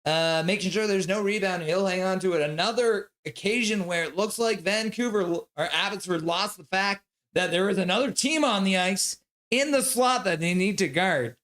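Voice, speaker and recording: A man calling hockey play-by-play on a fan livestream, brisk on the action and joking while reading chat. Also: high voice, fairly bright tone. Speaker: play-by-play caller.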